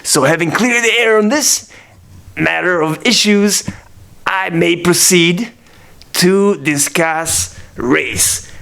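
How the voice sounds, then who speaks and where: A man with a fairly high, gravelly voice talks in a measured, formal way. He chooses his words slowly and pauses often. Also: fairly bright tone, slight background noise. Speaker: vlogger. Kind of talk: slow deliberate monologue.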